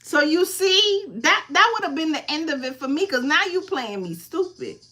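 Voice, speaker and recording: High, bright-voiced woman in her fifties. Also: lively intonation, normal speed. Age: 50s. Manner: emphatic, keeps asking if you follow. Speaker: tarot reader host. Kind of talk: casual advice talk.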